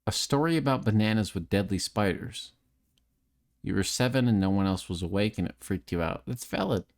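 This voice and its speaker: A man's voice: fairly low pitch, a little fast, gravelly. Tipsy nasal-voiced man streaming. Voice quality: slight lisp. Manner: rambling, self-deprecating, chatty with viewers. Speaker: streamer and voice actor. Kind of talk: casual live-stream chat. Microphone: close desk microphone.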